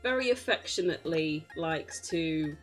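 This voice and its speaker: A woman's voice: low voice, expressive, a little slow, soft background music. A young British woman chatting casually on a live game stream, laughing often and poking fun at herself. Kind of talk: casual live-stream chat while gaming.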